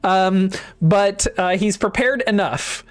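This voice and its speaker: A man's voice: high-pitched, takes it slowly. A man co-hosting a casual book discussion podcast who reads passages aloud and reacts hesitantly, with frequent ums and laughter. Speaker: podcast co-host.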